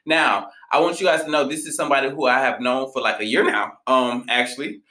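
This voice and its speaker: Bright-voiced, blunt male podcast host. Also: mid-range voice, brisk, echoey room, a little hiss or hum. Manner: blunt, profane, animated storytelling. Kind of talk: casual podcast monologue.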